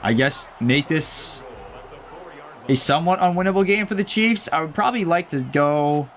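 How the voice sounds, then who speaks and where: A man's voice: fairly high pitch, moderate pace. A young man commentating his own football video game season, calling plays like a sportscaster. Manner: excited play-by-play, rising to shouts at big plays. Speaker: gaming YouTuber. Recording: faint music behind the voice.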